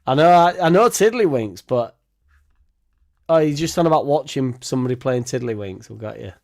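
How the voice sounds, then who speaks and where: A man's voice: mid-range voice, lively intonation, normal speed, vocal fry, darkish tone. A young man hosting a casual fan livestream, laughing often, swearing freely and rambling as he reacts and thanks viewers. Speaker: fan channel host.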